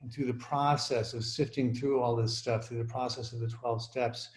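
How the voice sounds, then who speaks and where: Man, mid-pitch, talking slowly and thoughtfully, full of fillers; roomy, echoing call audio. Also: fairly even intonation. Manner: halting, reflective, many "you know" fillers. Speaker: recovery meeting speaker. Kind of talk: personal sharing at an online recovery meeting.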